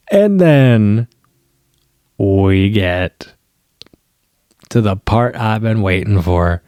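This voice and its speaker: Excited man rambling through a review. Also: lowish voice, smooth, dry recording, studio quality. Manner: excited, rambling, with slang and swearing. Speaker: TV episode reviewer. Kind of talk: casual spoken review.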